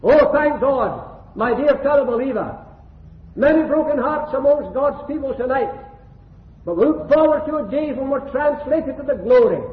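A man's voice: very high-pitched, expressive, moderate pace. An older man from Scotland preaching a gospel hall sermon, fervent and rhythmic, with repeated phrases. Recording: echoey hall over a tinny lo-fi line.

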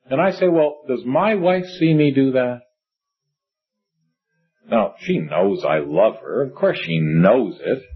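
Middle-aged male preacher, husky, earnest sermon delivery, lo-fi recording. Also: a little high. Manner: earnest, reads scripture in old-fashioned wording, conversational asides. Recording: dull lo-fi recording.

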